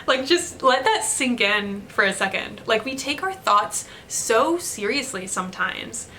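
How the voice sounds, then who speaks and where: A woman's voice: a little high, lively intonation, takes it slowly, pushed and bright, slight background noise. A young woman sharing candid stories and advice with viewers in a chatty, laughing way. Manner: chatty, storytelling, with light laughs. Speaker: artist vlogger. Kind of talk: candid motivational talk to camera.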